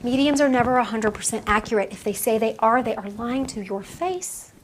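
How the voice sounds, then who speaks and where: A woman's voice: on the high side, animated, a little fast, a little hiss or hum. A woman medium giving a casual lecture to a live audience, chatty and acting out the voices in her stories with frequent laughs. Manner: chatty, acts out quoted dialogue, laughs often. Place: room with a small audience.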